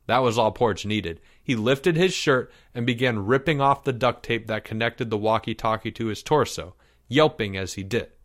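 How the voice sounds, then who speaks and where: A man reading a children's story aloud in a measured, expressive way. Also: medium pitch. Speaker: narrator.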